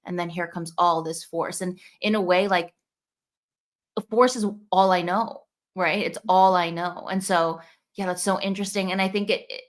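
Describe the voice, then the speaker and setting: Earnest thirties woman, slightly low voice, reflective podcast talk. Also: fairly even intonation, normal speed. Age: 30s. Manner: earnest, reflective, talks through inner dialogue. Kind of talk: casual podcast chat.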